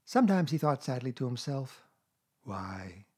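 A man reading a classic children's story aloud, gentle and measured. His voice is husky and sits at a middle pitch. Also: animated. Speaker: narrator.

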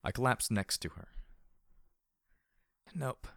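A man narrates an audiobook in the first person with steady, low-key storytelling. His voice sits fairly low. The sound is close and dry with no room echo. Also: moderate pace.

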